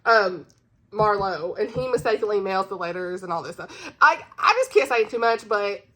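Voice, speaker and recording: A woman's voice: mid-range voice, expressive, normal speed, pushed and bright. A woman hosting her own channel, chatting casually and bubbly about books she recommends, giggling often. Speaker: book reviewer, channel host. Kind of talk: casual book-recommendation chat.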